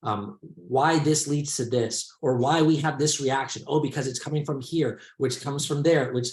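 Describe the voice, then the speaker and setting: A man's voice: medium pitch, fairly even intonation, normal speed. A man hosting a podcast in a rambling, reflective way, often restarting his sentences. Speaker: podcast host. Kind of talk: casual podcast discussion. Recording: echoey room.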